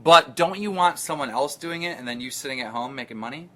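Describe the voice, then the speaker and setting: A man's voice: mid-range voice, fast, fairly bright tone. A man co-hosting a casual podcast, brash and profane, cracking himself up as he riffs. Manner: brash, profane, laughs often. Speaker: podcast co-host. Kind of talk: casual crude podcast banter.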